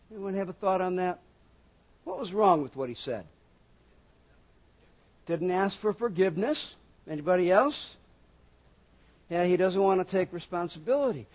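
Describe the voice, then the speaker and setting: Preacher guy, high voice all over the place, dull lo-fi sound. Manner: animated, acts out quoted voices, asks the congregation questions. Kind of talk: sermon. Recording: dull lo-fi recording.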